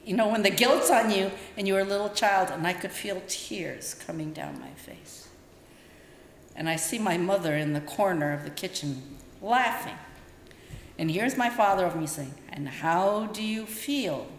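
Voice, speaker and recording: A woman's voice: medium pitch, moderate pace, slight background noise. Older woman telling a story in a temple hall. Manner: storytelling, acts out voices in quotes. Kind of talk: dharma talk with personal stories. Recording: roomy hall echo, faint ambience.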